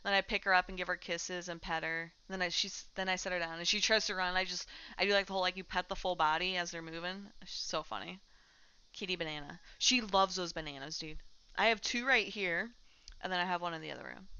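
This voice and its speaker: A woman's voice: on the low side, brisk, pushed and bright, smooth. A woman streamer chatting casually while playing a game and talking to her cat. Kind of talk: casual chat while gaming. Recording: dull lo-fi mic.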